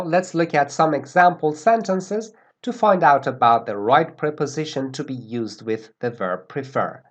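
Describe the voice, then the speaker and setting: A male English teacher gives a grammar lesson at an unhurried, careful pace. His pitch moves a lot, rising and falling to stress key words, and he repeats words slowly so learners can copy them. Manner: slow, deliberate, repeats words for pronunciation.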